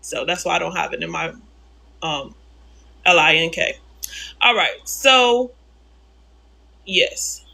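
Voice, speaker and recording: A woman hosting a casual live-stream software tutorial, narrating each click, repeating her steps and answering the chat as she goes. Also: lowish voice, lively intonation, slow pace, creaky, pauses often, slightly rough.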